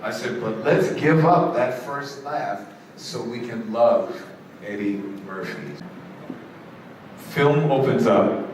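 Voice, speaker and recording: A man's voice: medium pitch, takes it slowly, pauses often. Long-winded man telling stories onstage. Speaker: interview guest, musician. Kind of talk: onstage storytelling interview. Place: conference stage before an audience. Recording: echoey hall, distant mic, crowd and noise.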